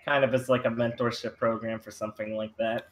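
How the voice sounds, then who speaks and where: A man's voice: medium pitch, little pitch movement, brisk, echoey room, poor audio. A man playing in a tabletop role-playing game, speaking politely and tentatively in character. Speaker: player.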